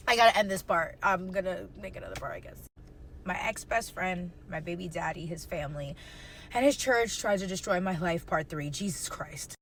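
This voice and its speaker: A woman's voice: mid-range voice, fairly bright tone, slight background noise. A young woman telling a personal story in a casual storytime, raw and emotional, swearing heavily and repeating herself. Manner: fast, repeating phrases, slangy.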